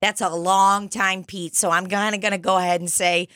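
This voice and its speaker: A woman's voice: mid-range voice, little pitch movement, normal speed, a bit bright, smooth, dry recording, studio quality, natural voice. A woman playing a strict, exasperated female school chaperone who scolds a child in an improvised comedy bit. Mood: scolding.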